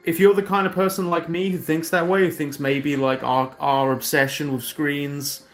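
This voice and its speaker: A man's voice: a little high, level tone, moderate pace, soft background music. A British man of thirty-one chatting casually on a livestream, rambling and self-deprecating, with many fillers and restarts. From Britain. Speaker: streamer.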